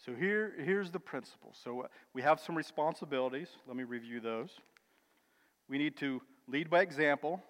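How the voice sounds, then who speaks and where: A man preaching a sermon with emphatic, building declarations and quieter asides, calling listeners brother and sister. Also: a little high, normal speed. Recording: long reverb of a large hall.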